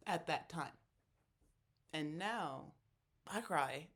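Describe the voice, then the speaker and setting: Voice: mid-range voice, expressive, very slow, pauses often, fairly bright tone. A video creator talking through a personal experience in a casual, reflective monologue, rambling and earnest, with many fillers and self-corrections. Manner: earnest and openly emotional.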